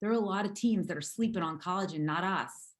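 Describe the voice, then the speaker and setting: A hoarse woman leading a motivational team call, emphatic and repetitive as she urges her team on. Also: fairly low pitch, quick pace. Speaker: network marketing team leader.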